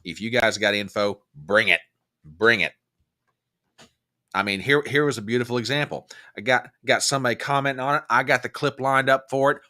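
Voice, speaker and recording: A middle-aged man hosts a live stream and talks straight to his viewers. His voice is bright and forceful, and he rants with heated emphasis while reading their comments. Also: medium pitch, fast talker, few pauses. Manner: emphatic, ranting, swings from warm to furious. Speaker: host.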